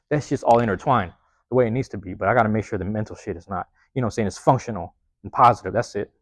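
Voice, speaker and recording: A man's voice: mid-range voice, darkish tone, dry recording. A man hosting a podcast alone, rambling in a casual, profane monologue and tagging lines with "man", recorded on a phone. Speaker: podcast host.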